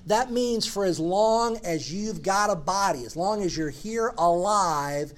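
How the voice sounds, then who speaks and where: A man preaching a sermon as a pastor, earnest and emphatic, building his points through repeated phrases. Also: high-pitched.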